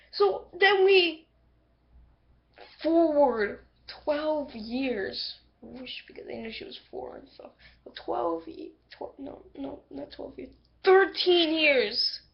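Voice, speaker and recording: A woman giving a casual, rambling episode review on a computer microphone, excitable and full of fillers. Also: high-pitched, slow, gravelly, lo-fi sound. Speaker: video reviewer.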